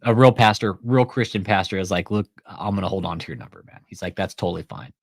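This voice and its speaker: Deep-voiced and quick, this man is heard in clean studio sound with no room reverb. On his casual commentary channel he swears liberally and recounts a phone call by performing both speakers' lines.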